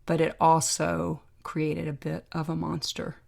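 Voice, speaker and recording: Low gravelly lady podcast host, middle-aged, tells her own story slow and emotional. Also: monotone, darkish tone. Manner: reflective, emotional, pausing to remember. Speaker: podcast host, trauma doctor. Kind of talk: personal storytelling monologue.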